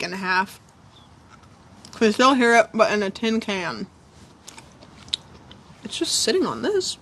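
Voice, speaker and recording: A woman's voice: mid-range voice, a bit bright, slight background noise. A woman live-streaming from her phone at home, chatting casually to her viewers and her dog as she grills. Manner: chatty, rambling, talks to her dog and chat.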